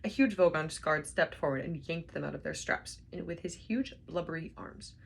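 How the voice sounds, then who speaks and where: A woman reading a novel aloud with expressive storybook narration. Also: low-pitched, normal speed, vocal fry, breathy edge. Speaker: reader.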